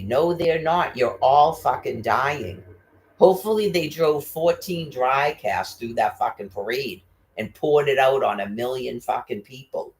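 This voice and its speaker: Angry profane man ranting, lively pitch. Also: measured pace. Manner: profane, agitated, ranting, rhetorical questions. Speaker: ranting commentator.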